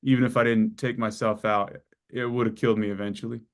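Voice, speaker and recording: A man's voice: lowish voice, fast talker. A man in his forties telling his story in a casual interview, swearing freely and acting out the people in it. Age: 40s. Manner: animated storyteller, acts out dialogue, swears freely. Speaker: client giving a testimonial.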